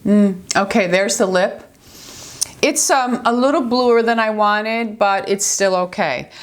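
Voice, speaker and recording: An older woman with a New York accent talks her viewers through a makeup tutorial. She is chatty and affectionate, and she keeps checking in with a quick "okay?". Her voice sits at an ordinary middle pitch. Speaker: beauty vlogger.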